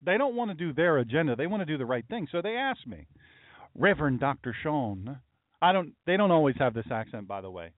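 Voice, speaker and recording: A man's voice: on the high side, big pitch swings, quick pace, hardly any pauses, no echo. A middle-aged man, a pastor, chatting casually on a livestream with folksy, rambling asides to his chat. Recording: dry, phone-like lo-fi audio.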